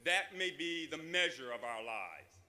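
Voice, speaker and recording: A man with a high, bright, forceful voice gives a formal prepared introduction at a slow, deliberate pace. He speaks as a law professor in a large auditorium, and his words ring out with a long hall reverb. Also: big pitch swings. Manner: slow, measured, deliberate phrasing.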